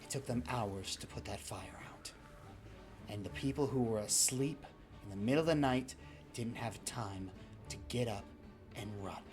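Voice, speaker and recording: A man voicing a stern female dragon leader who scolds and reproaches a group, his voice pitched up for her. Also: moderate pace, music in the background, close to an everyday voice. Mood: grave. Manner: reproachful, raises voice in outrage.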